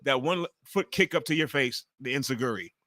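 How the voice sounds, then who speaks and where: A man in his forties hosting a livestream, giving loud, profane, excitable commentary at home while watching wrestling. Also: mid-range voice, brisk. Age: 40s. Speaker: livestream host.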